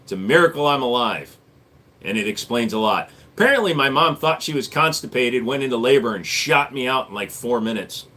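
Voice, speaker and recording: A man's voice: mid-range voice, animated, brisk, bright, forceful tone. A man in his forties, born in Korea, hosting a casual live stream and answering chat questions in a blunt, sarcastic way. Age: 40s. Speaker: livestream host.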